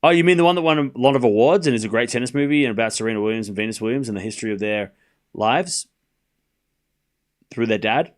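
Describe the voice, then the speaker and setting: Calling tennis scores on his live watchalong stream, a young Australian man bantes with chat in a sarcastic, joking way. His mid-range voice moves at a quick pace.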